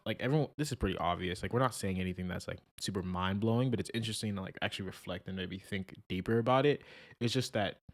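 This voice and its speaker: A young man co-hosting a podcast, talking in an animated, chatty way with many fillers. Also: low voice. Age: young adult. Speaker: podcast co-host. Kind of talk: casual chat.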